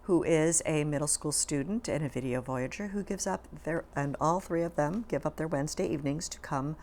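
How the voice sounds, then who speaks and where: A woman's voice: sits low, brisk, a little mellow, a little hiss or hum. A woman hosting a community cable talk show, thanking her crew and chatting casually with a guest. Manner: chatty, upbeat, thanks people by name. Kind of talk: casual interview.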